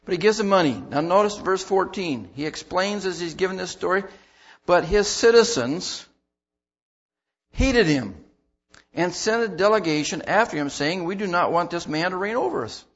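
Guy preaching a sermon, kinda high voice, chatty with lots of restarts, dull lo-fi recording. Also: animated, normal speed, a bit bright. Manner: conversational preaching with restarts and emphatic bursts. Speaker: pastor.

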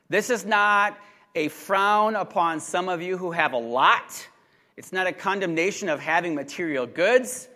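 A pastor preaching a sermon with emphatic delivery that rises to loud, urgent exhortation. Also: male voice, fairly high pitch, big-room sound.

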